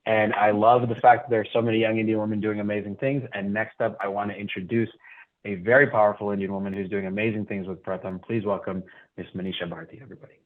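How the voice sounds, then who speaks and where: A male comedian hosting an online event, telling stories in a halting, self-deprecating way. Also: fairly low pitch, fairly even intonation. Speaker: emcee and comedian. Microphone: video call. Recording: tinny phone-like audio.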